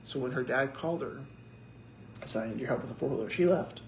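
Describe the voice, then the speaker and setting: A young man with a gravelly edge preaches in a relaxed, storytelling way. He acts out the voices of the people in his stories. A faint hiss sits under the recording. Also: medium pitch, fast talker, reverberant, rough recording. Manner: animated storyteller acting out quotes. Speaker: pastor. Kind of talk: casual sermon storytelling.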